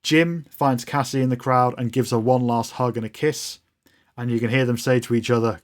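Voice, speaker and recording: A man's voice: mid-range voice, steady tone, normal speed. A man narrating a tabletop role-playing game as game master, describing scenes in a loose, storytelling way.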